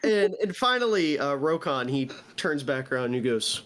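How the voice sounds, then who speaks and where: Upbeat male game master, slightly high voice. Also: animated, moderate pace, fairly bright tone, faint music behind. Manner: playful storytelling, voices orc characters lightly. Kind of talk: narrating a tabletop game.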